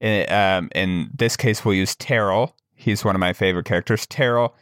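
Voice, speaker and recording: Podcast co-host, man, low register, chatty storyteller with lots of fillers. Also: fairly even intonation, moderate pace, a bit bright, no echo, studio quality. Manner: rambling storyteller, many fillers. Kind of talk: casual chat.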